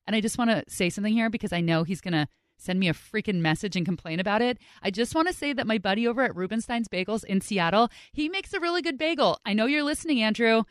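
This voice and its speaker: A woman hosts with chatty, expressive narration. Her pitch moves around a lot, and the recording is dry and close with no room sound. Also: fast talker, no room sound. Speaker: podcast host. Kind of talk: scripted narration.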